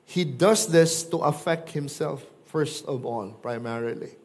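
Male pastor, slightly high-pitched, energetic sermon delivery. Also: a little slow. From Philippines. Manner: animated, acts out quoted voices with big pitch jumps.

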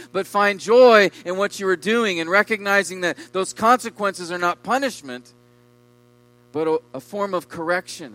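A man preaching a sermon with emphasis, his voice swelling loud on key words and dropping low. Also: low-quality recording. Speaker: pastor.

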